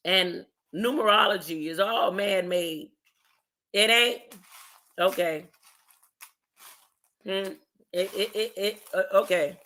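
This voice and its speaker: Livestream preacher, casual and emphatic, keeps asking "huh?", slangy asides, slow reading aloud, bright sharp tone. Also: medium pitch. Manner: reads documents aloud slowly with asides. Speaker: religious commentator.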